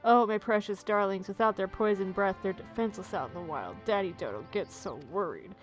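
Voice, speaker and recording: A woman's voice: mid-range voice, lively intonation, fairly quick, highs cut off, faint music behind, natural voice. A woman reading aloud the lines of an eccentric male rancher in a game who dotes on his animals. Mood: doting. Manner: reads the lines aloud in a plain, lightly amused voice.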